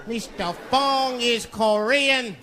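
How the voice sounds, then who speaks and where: A man voicing an irritable male shopkeeper who barks and shouts orders at a customer. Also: very high-pitched, takes it slowly, a little hiss or hum, voice pushed up, exaggerated voice. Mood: angry.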